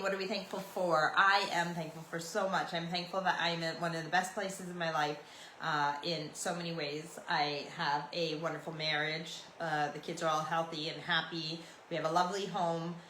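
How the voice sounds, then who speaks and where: Canadian lady rambling on her podcast, kinda low voice, echoey room. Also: level tone, normal speed, bright, forceful tone, slight background noise. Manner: chatty, meandering, loose and storytelling. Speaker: podcast host. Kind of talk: rambling solo podcast chat.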